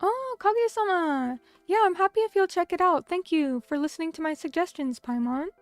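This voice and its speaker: High-voiced bubbly woman streamer. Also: animated, fairly quick, no room sound, soft background music. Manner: bubbly and chatty, reading out chat comments, many fillers. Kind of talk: casual chat with viewers.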